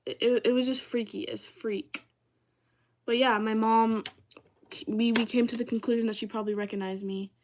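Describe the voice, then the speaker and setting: A young woman talks straight to her livestream audience in a loose, rambling way. Her voice sits a little on the high side, and her sentences keep circling back through "like" and "y'all" in relaxed storytelling. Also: moderate pace, background noise. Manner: chatty, heavy use of "like", addresses viewers as "y'all".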